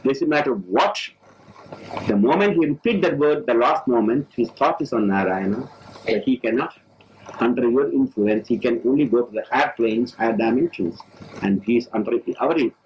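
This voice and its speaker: Man, spiritual lecture, lively storytelling, dull old tape, faint hiss. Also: mid-range voice. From India. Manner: lively storyteller, halting with restarts. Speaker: spiritual teacher.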